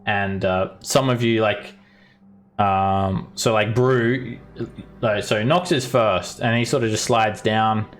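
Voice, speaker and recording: A man's voice: fairly low pitch, steady tone, takes it slowly. A man narrating as game master, talking casually and filling his lines with "like" and "uh". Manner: chatty, full of "like" and "uh".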